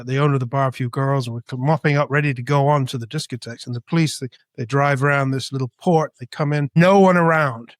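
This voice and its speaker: A middle-aged man raised in Spain, a podcast guest telling a story in a casual, animated way, jumping into high voices when he quotes people. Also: dry recording, studio quality. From Britain, raised in Spain.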